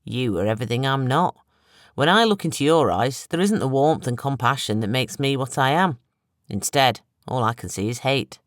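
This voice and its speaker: An audiobook narrator voicing a calm, compassionate man who speaks in a quiet, measured, sympathetic way. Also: medium pitch, dry recording, clean studio sound, natural voice.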